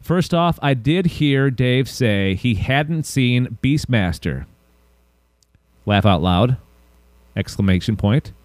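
Taking it slowly in an animated mid-range voice, a man hosts a casual podcast, rambling, joking, and mocking himself as he goes through announcements and listener mail. There's no echo.

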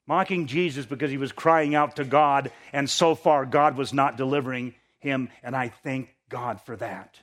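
A man preaching a sermon, reading scripture with rising intensity and dropping to quiet asides, often repeating words as he restarts. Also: normal speed, few pauses. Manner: preaching, rises in pitch and force when reading scripture, drops low for asides. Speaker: pastor.

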